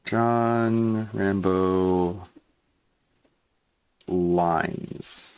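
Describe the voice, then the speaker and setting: A man's voice: deep voice, fairly even intonation, very slow, a little mellow, clear, resonant tone. A man streaming live, chatting casually and muttering asides to himself. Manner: laid-back, mumbling asides to himself.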